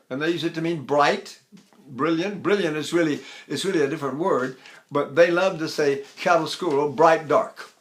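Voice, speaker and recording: An older man teaching vocal technique, talking through ideas and breaking into loud sung vowels and syllables to demonstrate. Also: a little high. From United States.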